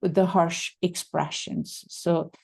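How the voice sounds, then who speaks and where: Woman trainer, measured lecture delivery, mellow low voice, very slow. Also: fairly even intonation, gravelly, husky. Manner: measured, methodical explaining. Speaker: mediation trainer.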